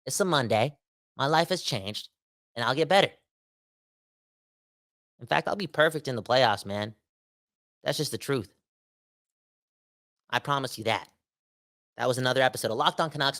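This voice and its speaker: Man, Canadian accent, podcast host, casual rant, slangy, emphatic, middle pitch. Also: normal speed, long pauses. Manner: animated, slangy, emphatic, repeats for effect.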